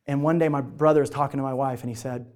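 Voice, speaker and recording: A middle-aged man speaking to a live audience, telling personal stories in an animated way and acting out the voices of the people in them. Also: mid-range voice, quick pace. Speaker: motivational speaker.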